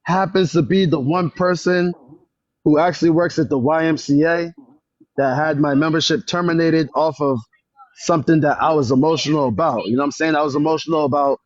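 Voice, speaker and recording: A man chats on a phone livestream, his voice a touch higher than most men's. He tells his story animatedly, repeating himself and raising his voice when upset. The sound is dull and dry, with the lo-fi feel of phone audio. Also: fairly quick, no room sound. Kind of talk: casual livestream chat. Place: public library.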